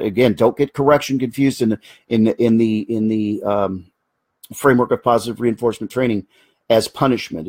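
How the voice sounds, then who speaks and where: A man's voice: on the low side, breathy edge, no room sound. A man hosting a live Q&A, answering viewer comments in an earnest, explanatory way that often drifts into asides. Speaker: host of a live Q&A show.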